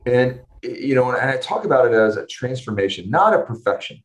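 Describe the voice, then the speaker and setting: A middle-aged man, an interview guest, giving a personal testimony in earnest storytelling with restarts and emotional pauses. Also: medium pitch, big pitch swings, poor audio.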